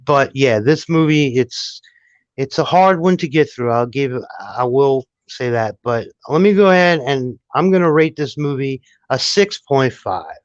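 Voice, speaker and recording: A man's voice: medium pitch, measured pace, no room sound. A man from New Orleans with a New Orleans accent, co-hosting a movie review in casual, rambling chat. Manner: relaxed, rambling, fillers and restarts. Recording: dull lo-fi dry recording.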